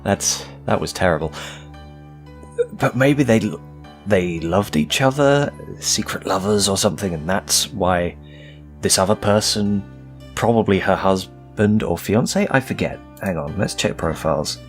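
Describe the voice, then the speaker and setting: A man's voice: sits low, measured pace, soft background music. A man commenting on a game as he plays, joking and mocking himself while thinking aloud. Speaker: let's play gamer.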